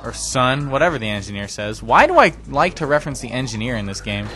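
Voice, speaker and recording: A young man giving casual, self-deprecating gameplay commentary, breaking into sudden excited yelps. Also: mid-range voice, fast talker, soft background music. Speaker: let's play commentator.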